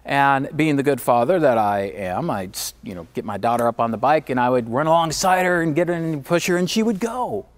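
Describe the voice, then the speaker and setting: A middle-aged man giving a motivational keynote, telling a story emphatically and dropping to a hush at times. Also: mid-range voice, brisk, few pauses. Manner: emphatic, swings from driving to hushed.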